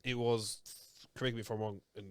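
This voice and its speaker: A man's voice: fairly low pitch, little pitch movement, brisk, smooth. A man, a podcast guest, chatting casually and laughing along. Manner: laid-back, laughs along, slangy. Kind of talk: casual chat.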